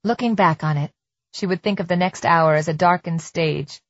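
A woman narrating an audiobook in a steady, measured way, her voice sitting a little low. The recording is dry and close, with a slightly dull, muffled top end. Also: no room sound. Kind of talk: scripted narration of a suspense novel.

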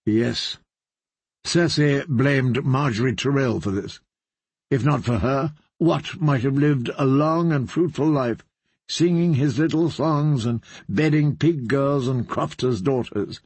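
Slow, husky male narrator. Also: mid-range voice, darkish tone, no echo. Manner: measured, grave storytelling. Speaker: audiobook narrator. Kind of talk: scripted narration.

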